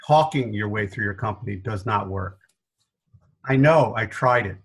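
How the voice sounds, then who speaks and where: A middle-aged man with a faint New York accent, a guest telling stories in an interview, animated and self-deprecating, laughing often. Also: lowish voice, moderate pace, husky, rough recording. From New York area. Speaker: guest consultant. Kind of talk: storytelling interview answers.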